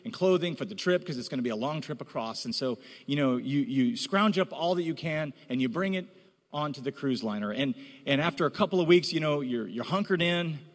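A man preaching a sermon as a pastor, animated and rising to emphatic exhortation. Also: fairly high pitch, fairly quick. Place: church hall. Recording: reverberant hall.

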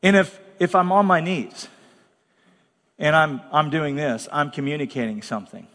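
High-voiced pastor preaching blunt. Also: male voice, normal speed, fairly bright tone, long reverb tail. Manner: blunt, conversational preaching with dramatic asides. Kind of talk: sermon. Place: large church hall.

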